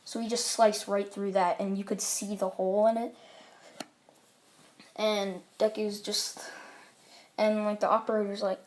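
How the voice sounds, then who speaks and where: A woman's voice: mid-range voice, level tone, measured pace, long pauses, a little mellow. A woman telling a fan story in a loose, rambling way, stringing it together with "like" and "um". Her delivery is casual and unscripted. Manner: rambling, full of "like" and "um" fillers. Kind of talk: casual fan-fiction retelling.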